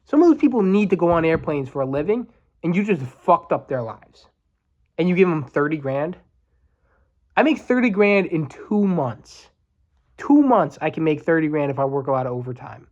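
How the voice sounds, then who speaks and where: This podcast host, a man in his twenties, rants in a fired-up, heavily profane way, pausing now and then to think. His voice is fairly high with big pitch swings and a darkish tone, and the recording has its highs cut off.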